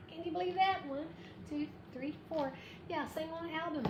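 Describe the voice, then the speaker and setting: A woman's voice: very high-pitched, a little slow. A woman hosting a live craft tutorial, chatty and bubbly, greeting viewers by name and counting aloud as she works. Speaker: craft livestream host. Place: her craft shop. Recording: echoey room with background noise.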